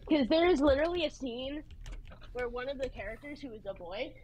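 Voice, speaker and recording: A young woman streaming a game and chatting casually, with a vocal fry and a rambling valley-girl lilt full of "like"s. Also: sits high, lively intonation, a little fast, a little mellow, a little hiss or hum. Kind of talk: casual chat while gaming.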